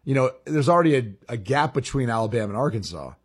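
A man's voice: mid-range voice, expressive, fast talker, husky. A man co-hosting a sports talk show, thinking aloud and often repeating words as he explains. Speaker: sports radio co-host.

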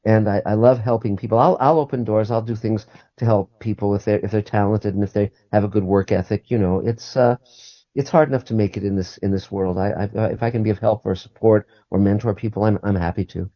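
A man's voice: on the low side, fairly even intonation, brisk, no room sound, dull audio. A man guest on a call-in radio show, talking earnestly and often repeating and restarting his words.

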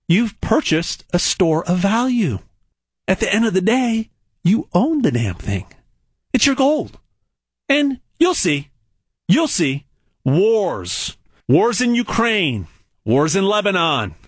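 A man with a husky edge to his voice drives a hard sales pitch, repeating words to hammer each point. His pitch swoops up and down as he mocks and warns. The sound is dry and close, with no room around it. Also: dry recording. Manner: animated and repetitive, stacking phrases for emphasis; blunt and mocking. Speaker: gold investment salesman. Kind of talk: emphatic sales pitch monologue.

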